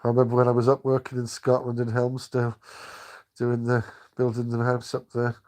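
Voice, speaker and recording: An older man rambles through memories on a live stream, stopping and restarting his sentences. His voice stays low-key and flat, with little rise or fall. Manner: rambling, halting, many restarts. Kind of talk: casual live-stream chat.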